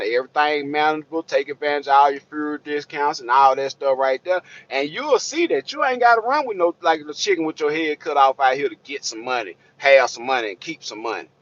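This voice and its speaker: A man's voice: fairly high pitch, fairly bright tone. A man, a trucker vlogger ranting to camera in a blunt, profane, streetwise way, preaching and repeating himself. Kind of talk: blunt unscripted rant to camera. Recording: dull lo-fi recording.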